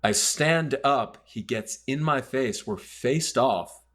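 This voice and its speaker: A man's voice: medium pitch, slow, a bit bright. A man casually telling a long personal story on a podcast, loose and rambling with plenty of fillers. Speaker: podcast guest.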